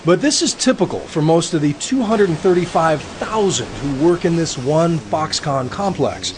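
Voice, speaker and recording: A man reporting a news story, narrating in an earnest, measured way and then talking it over in the studio. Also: fairly high pitch, expressive.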